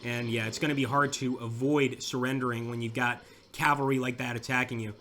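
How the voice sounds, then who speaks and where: A young man with a Southern American drawl talks through a battle in his strategy game as it unfolds. His voice is bright and pushed forward, and he cheers his units on excitedly. A faint ambient hum sits behind him. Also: medium pitch, fairly quick. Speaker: gameplay commentator. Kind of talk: let's play commentary.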